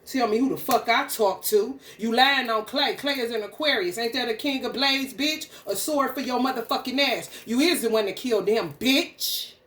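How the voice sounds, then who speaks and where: High-voiced angry ranting woman. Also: normal speed, few pauses, fairly bright tone, reverberant. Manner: angry, confrontational, swearing. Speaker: spiritual content creator. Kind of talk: profane stream-of-consciousness rant.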